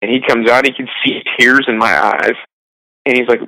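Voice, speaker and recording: A man's voice: medium pitch, fairly even intonation, normal speed, pushed and bright, no room sound, poor audio. A young man working as a caddie, rambling through stories in a casual, self-deprecating way. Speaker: golf caddie being interviewed. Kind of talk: casual storytelling.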